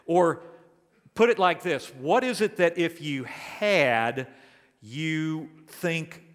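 A man's voice: fairly high pitch, a little slow, fairly bright tone, big-room sound. A man preaching a sermon, asking his congregation probing questions. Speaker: pastor.

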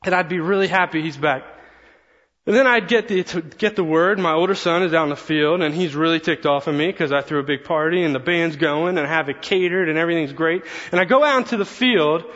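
A man preaching a sermon, earnest and animated, telling a story with quoted asides. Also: on the high side, fairly quick. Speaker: pastor. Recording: long reverb, slightly dull sound.

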